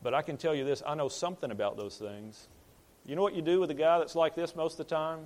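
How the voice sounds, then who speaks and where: A man's voice: fairly high pitch, fast, a little mellow. Plain-spoken man preaching a sermon. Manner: plain-spoken, repeats words and restarts while building a point. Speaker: pastor. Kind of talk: conversational sermon.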